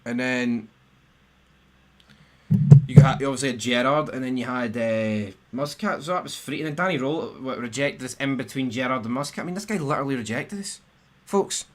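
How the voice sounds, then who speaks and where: On his live stream, a young Scottish man who follows football launches into an angry rant at a moderate pace in a mid-range voice. He curses, stumbles into restarts, and his pitch leaps sharply whenever something riles him.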